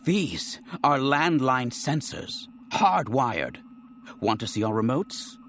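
A man voicing a small, plump male colonel with a thin, fragile voice that turns shrill. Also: big pitch swings, takes it slowly, a bit bright, a little hiss or hum, full character voice. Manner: nervous, rising to shrill outbursts.

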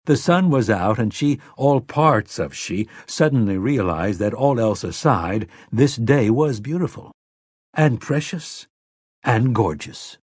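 A man narrating an audiobook in a measured, expressive storytelling manner. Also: mid-range voice, slightly rough, dry recording, clean studio sound. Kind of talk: scripted narration.

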